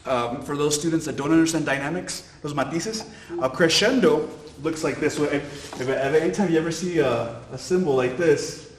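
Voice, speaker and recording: A man's voice: a little high, normal speed. A man teaching a violin section in an upbeat, encouraging way, counting in and explaining dynamics. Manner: upbeat, encouraging, switches between languages. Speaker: violin instructor. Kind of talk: music lesson. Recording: echoey room with instruments playing.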